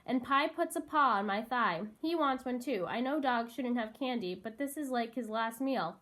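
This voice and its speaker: A woman reading a first-person novel aloud in a measured, wry storytelling voice. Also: fairly high pitch, lively intonation, a bit bright. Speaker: audiobook narrator. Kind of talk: first-person audiobook narration.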